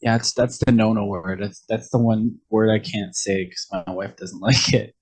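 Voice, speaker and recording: A man's voice: lowish voice, steady tone, moderate pace, darkish tone, husky. A man as a podcast guest in casual chat, easygoing, dropping chuckling asides and short backchannels.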